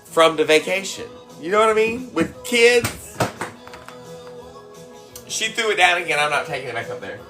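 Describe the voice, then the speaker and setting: A woman's voice: fairly low pitch, expressive, normal speed, pauses often, music in the background. A woman hosting a casual cooking livestream from home, teasing and laughing often as she chats. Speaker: cooking livestream host and mom. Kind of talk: casual live-stream chat. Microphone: phone.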